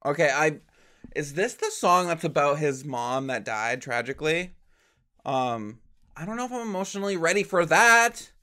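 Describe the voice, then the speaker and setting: A man hosting a reaction video, talking in a gushing, excitable and emotional way. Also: a little high, moderate pace. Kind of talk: casual reaction commentary. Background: faint music.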